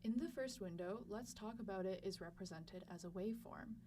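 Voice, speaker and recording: Young woman, scripted lesson narration, measured and clear, mic slightly distant with faint hum. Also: medium pitch. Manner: clear, measured explanatory delivery. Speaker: lab student presenter.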